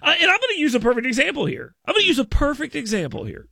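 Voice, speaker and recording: Gravelly, high, lively radio host man. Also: very fast, no room sound, studio quality. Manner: animated, rambling with frequent restarts and stammers. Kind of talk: casual talk radio banter.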